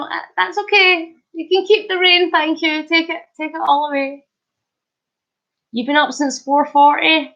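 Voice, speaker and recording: Woman vlogger, high and unhurried, giggly and hyper, casual live-stream chat, muffled stream sound. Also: pushed and bright. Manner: chatty and giggly, laughing often. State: hyper and wide awake. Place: at home. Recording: slightly muffled lo-fi stream audio.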